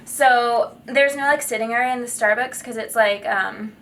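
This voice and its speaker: Bright-voiced young woman, chatty vlogger. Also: fairly high pitch, fairly even intonation, moderate pace, hardly any pauses, far from the mic. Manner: chatty, giggly, lots of fillers. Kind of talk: casual storytelling.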